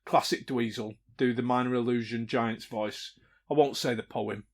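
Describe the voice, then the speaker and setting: A man's voice: medium pitch, fairly even intonation, moderate pace. A man, a player in a tabletop game, hesitant and full of fillers. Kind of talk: casual tabletop game chat.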